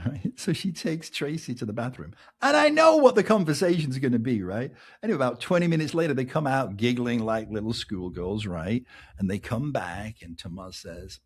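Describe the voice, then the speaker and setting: A middle-aged man with an English accent hosting a podcast, telling a long personal anecdote in a lively way and often asking "right?". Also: medium pitch, fairly quick, breathy edge. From England. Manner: animated anecdote telling, keeps adding "right?", laughs between lines. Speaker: podcast host. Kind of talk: casual storytelling monologue.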